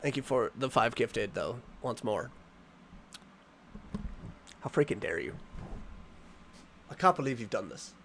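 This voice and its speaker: A man live-streaming a game, chatting with his viewers in an animated, playfully dramatic way. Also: medium pitch, a little slow, long pauses, noisy background. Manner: animated, playfully dramatic, reading and answering chat.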